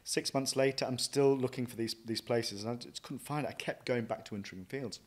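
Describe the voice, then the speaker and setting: A man, a chef and restaurant owner, telling stories from his career in a lively way, often acting out what he thought and said. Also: medium pitch, fairly quick. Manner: lively anecdotal, quotes himself often. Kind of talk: casual interview storytelling.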